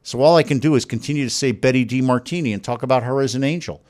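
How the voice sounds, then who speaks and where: A middle-aged man appears as a guest, recounting his wife's kidney transplant in casual, emotional storytelling. His medium-pitched voice is quick and a little mellow, and he's emphatic and effusive, often repeating himself.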